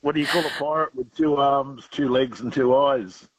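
A man's voice: mid-range voice, steady tone, normal speed, husky, dry recording. A middle-aged man calling in to a radio show, telling pirate jokes and facts in a playful, hammy way. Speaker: caller. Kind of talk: phone-in chat telling jokes. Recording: dull lo-fi phone line.

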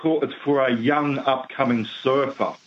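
A man's voice: mid-range voice, fairly even intonation, moderate pace, lo-fi sound, slight background noise. A man calling a radio show, rambling a bit and searching for words. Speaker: caller.

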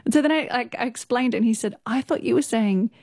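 Chatty Australian woman, higher voice. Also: fast talker, a little mellow, no echo, clean studio sound. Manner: chatty, laughs often, many "like" fillers. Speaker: interview guest, news presenter. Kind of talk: casual storytelling interview.

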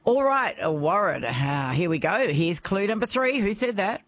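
An Australian woman hosting a radio quiz, bubbly and quick to laugh. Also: mid-range voice, big pitch swings, a little hiss or hum. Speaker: radio host. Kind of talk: radio quiz show chat.

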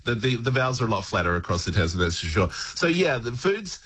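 A man with a husky voice, chatting casually as a radio guest about language, rambling and hesitant with frequent chuckles. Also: mid-range voice, sing-song, quick pace, a bit bright.

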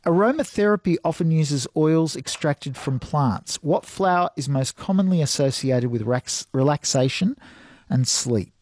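Brief: Australian male radio host, playful and teasing, slightly raspy, dry close studio sound. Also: on the high side, a little slow, darkish tone, no room sound. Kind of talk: radio quiz and chat.

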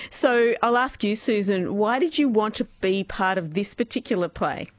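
A woman's voice: on the high side, animated, moderate pace, hardly any pauses, no echo. A woman hosting a local radio chat show, bubbly and jokey, laughing often between lines. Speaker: radio host.

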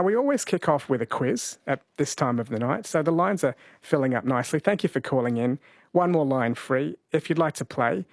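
A man hosts late-night radio in a fairly high, easy voice. He talks in a chatty, relaxed way, reading texts from listeners. The studio sound is dry and close, with no room echo. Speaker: overnight radio host. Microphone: studio microphone.

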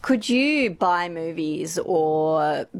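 A woman's voice: sits low, expressive, drawn-out words. Playful woman co-host. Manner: playful, laughs easily, tells anecdotes. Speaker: radio co-host. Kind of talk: casual radio chat.

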